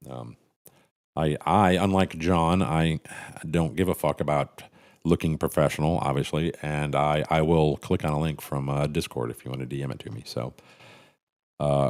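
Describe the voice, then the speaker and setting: Deep-voiced middle-aged man, livestream host, casual rambling chat, profane, cynical, stumbling restarts. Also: steady tone, normal speed, a little mellow.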